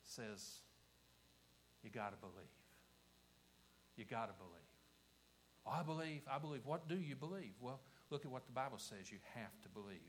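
A man with an Appalachian accent preaching a revival sermon to a church congregation, swinging from shouting to hushed whispers and repeating his phrases. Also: medium pitch, animated, moderate pace, long pauses, a little hiss or hum, rough recording. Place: church service before a congregation.

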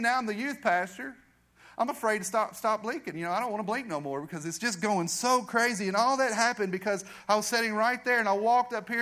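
A middle-aged man, a youth pastor giving an earnest testimony in a church. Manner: earnest storytelling, voice drops low and soft for emphasis. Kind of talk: testimony sermon. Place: church sanctuary.

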